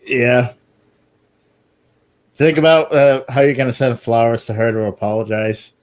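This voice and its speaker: A man's voice: mid-range voice, unhurried, a little mellow. A man hosting a podcast in a casual group chat, joking and laughing often.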